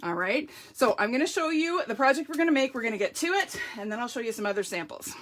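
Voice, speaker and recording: A woman's voice: fairly high pitch, animated, fast, fairly bright tone. A woman hosting a casual live stamping craft demo, chatty and upbeat, greeting viewers by name. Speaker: stamping craft demonstrator, host.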